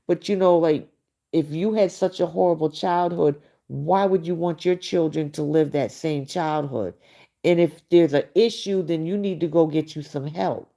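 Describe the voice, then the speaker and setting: Slow, blunt middle-aged woman livestreamer. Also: low voice, dark tone. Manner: blunt, chatty, frequent "you know". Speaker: livestream host. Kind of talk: casual livestream chat reacting to viewer comments.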